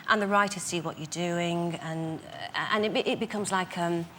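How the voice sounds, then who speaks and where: A woman's voice: fairly low pitch, steady tone, normal speed, a bit bright, a little hiss or hum. A woman with a Northern English accent, a guest on a television talk show, answering thoughtfully with many fillers and restarts. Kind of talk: casual chat.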